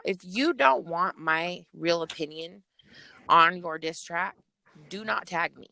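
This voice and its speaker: Here is a woman with a lowish voice that has a gravelly fry and a bright, sharp edge. She tells her story bluntly and animatedly as a podcast guest, swearing freely. The sound is dry and close, with no room behind her. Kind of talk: casual storytelling.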